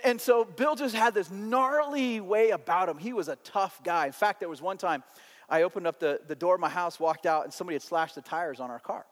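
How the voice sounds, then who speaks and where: A man, a pastor, telling a personal story in a sermon, animated and shifting between lively and hushed delivery. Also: sits high. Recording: long hall reverb.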